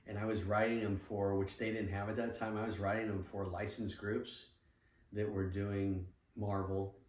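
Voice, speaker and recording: A man's voice: lowish voice, little pitch movement, normal speed. A middle-aged man telling business stories in a casual interview, acting out quoted dialogue and swearing freely. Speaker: podcast guest, surf apparel businessman. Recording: roomy sound from a distant mic.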